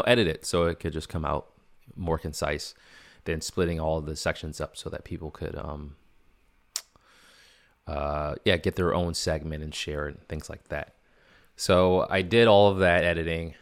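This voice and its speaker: A man's voice: extremely low pitch, no room sound. A man hosting a podcast, giving a casual, rambling solo update full of fillers and restarts. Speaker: podcast host.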